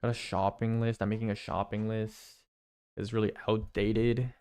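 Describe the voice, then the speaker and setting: A man streaming a video game, chatting casually and thinking out loud as he rambles and repeats himself. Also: lowish voice, little pitch movement, normal speed, clean tone. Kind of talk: casual live-stream chat.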